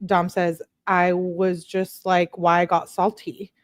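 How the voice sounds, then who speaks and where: A woman's voice: fairly low pitch, takes it slowly, no echo. Woman host, casual commentary, sarcastic, reads texts aloud, dry close mic. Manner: chatty and sarcastic, laughing often, reading quotes in flat voice. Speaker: true crime channel host. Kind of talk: casual commentary reading text messages aloud.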